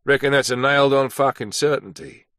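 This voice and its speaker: A man's voice: mid-range voice, a little fast, a bit bright, no room sound, voice pushed up, close to an everyday voice. Man playing a coarse Australian soldier, scornful, blunt, dry close read.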